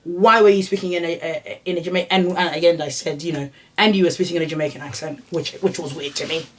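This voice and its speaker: A woman's voice: lowish voice, fairly even intonation, fast talker. A woman co-hosting a podcast, telling stories in casual chat with lots of fillers. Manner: chatty storyteller, frequent "yeah" and "like" fillers. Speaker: podcast co-host.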